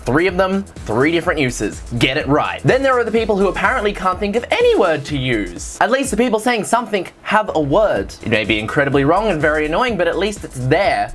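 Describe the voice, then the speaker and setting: A man's voice: fairly high pitch, very animated, fairly quick, few pauses, a bit bright, soft background music. Sarcastic young guy ranting. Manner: sarcastic, exasperated, swears freely. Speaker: vlogger. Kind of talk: comedic rant to camera.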